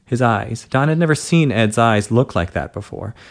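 Male narrator, mid-pitched with a gravelly edge, steady unhurried story reading. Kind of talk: reading an adult story aloud.

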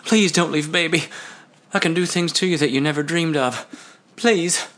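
A man's voice: a little high, normal speed, a bit bright, voice pushed up, close to an everyday voice. A man reading aloud and voicing a clingy adult man who begs and pouts in a raised, whiny voice. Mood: pleading. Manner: breathy begging, whiny.

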